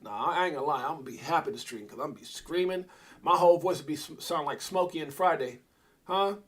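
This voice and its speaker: A middle-aged man hosting a casual crypto livestream, rambling and breaking into loud excited bursts. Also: fairly high pitch, quick pace.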